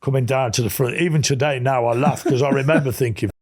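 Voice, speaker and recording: A man's voice: mid-range voice, quick pace, darkish tone. An English man, a podcast guest, telling long rambling anecdotes in a casual interview, full of quoted exchanges and restarts.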